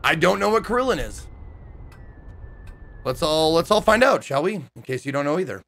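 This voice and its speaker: Bright, lively-voiced gaming streamer man. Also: fairly high pitch, normal speed, creaky. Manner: joking, chatty, swears. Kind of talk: casual let's-play commentary.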